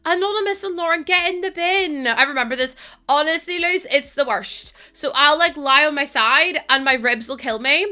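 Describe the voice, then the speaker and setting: A high-pitched young woman talking to her stream chat, worn down yet still giggling. Her voice is bright and light, and her talk jumps around in a loose, scattered way. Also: normal speed. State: tired. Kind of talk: casual live stream chat.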